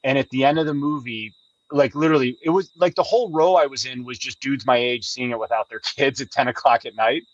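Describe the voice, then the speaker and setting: A man's voice: mid-range voice, brisk, dull audio. A man in his forties hosting a livestream, chatting casually and telling a story with frequent laughs. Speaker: livestream host. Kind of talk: casual chat.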